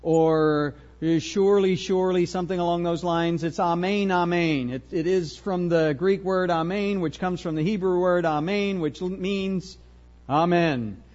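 A man preaching an expository sermon, emphatic and animated, full of rhetorical questions. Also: sits high, measured pace, muffled recording.

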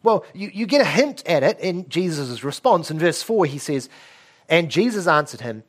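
A man's voice: fairly high pitch, very animated, normal speed. A man preaching an expository sermon, asking rhetorical questions and stressing key words.

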